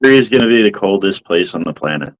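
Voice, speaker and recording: A man's voice: low voice, expressive, racing, no room sound, poor audio. A man teasing his friends in casual banter. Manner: teasing, laughs often.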